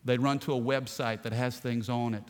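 Animated preaching man in a reverberant hall. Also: mid-range voice, moderate pace. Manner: animated preaching with rising emphasis. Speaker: pastor. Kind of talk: sermon.

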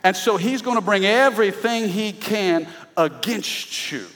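Animated high-voiced preacher in a hall. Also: male voice, measured pace. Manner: animated preaching with sudden shouts and laughs. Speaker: pastor. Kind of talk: sermon. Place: church sanctuary. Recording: long reverb of a large hall.

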